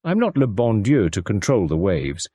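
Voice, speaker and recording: A man's voice: fairly low pitch, wildly swooping pitch, moderate pace, mellow, slightly rough, no room sound, clean studio sound, full character voice. A man reading aloud, voicing a precise, courteous Belgian detective who scatters French words through his speech.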